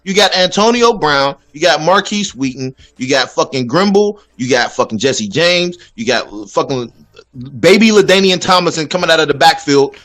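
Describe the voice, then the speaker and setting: A man's voice: on the high side, lively intonation, normal speed, fairly bright tone. A man hosting a casual sports talk show, ranting with plenty of profanity. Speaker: podcast host.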